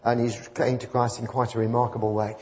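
Rambling preacher in a reverberant hall. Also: male voice, medium pitch, little pitch movement, brisk, warm tone. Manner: rambling, conversational, rising to fervent emphasis. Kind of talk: informal sermon with anecdotes. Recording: muffled church recording with long reverb.

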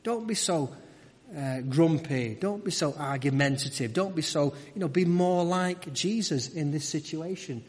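Man, sermon, conversational, restarts, higher-pitched, long hall reverb. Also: a little slow, a little mellow, breathy edge. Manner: conversational, frequent restarts and asides. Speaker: preacher.

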